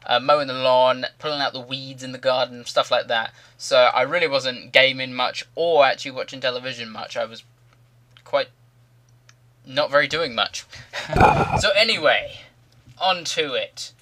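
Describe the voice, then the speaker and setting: A man's voice: mid-range voice, fairly even intonation, moderate pace, fairly bright tone. A man giving rambling, jokey commentary over a video game. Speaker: gaming commentator.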